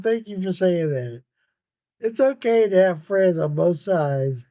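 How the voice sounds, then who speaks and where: A man's voice: high voice, animated, slow, dark tone, no room sound. Tired, rambling man hosting a late chat. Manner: rambling, swearing, laughing with viewers. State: tired, yawning. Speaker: podcast host reading live chat. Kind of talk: casual livestream chat.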